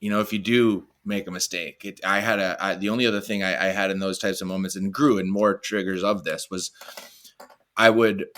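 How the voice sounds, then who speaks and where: A middle-aged man from the United States tells stories as an interview guest, with a lower voice and a bright, forceful edge. He is animated, says "like" often, restarts his sentences, and slips into acting out his own thoughts. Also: a little fast. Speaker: guest, retired soccer player. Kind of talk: storytelling in a casual interview.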